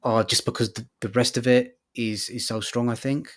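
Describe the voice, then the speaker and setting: A man's voice: medium pitch, fairly even intonation, normal speed, fairly bright tone. A man co-hosting a casual podcast, talking thoughtfully and hesitantly with many ums. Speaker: podcast co-host. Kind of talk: casual chat.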